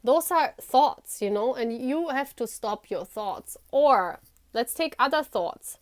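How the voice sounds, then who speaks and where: A woman's voice: on the high side, expressive, slow pace, dry recording, studio quality. Chatty, giggly woman giving a tarot reading. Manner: talks directly to the viewer, repeating "you know". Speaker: tarot reader. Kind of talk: casual tarot reading to camera.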